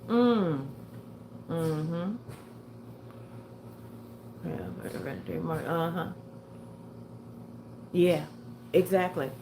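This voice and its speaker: Slow-talking woman, a bit winded. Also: lowish voice, expressive, noisy background. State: a little winded, tired. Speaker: livestream host. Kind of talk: casual livestream chat with viewers.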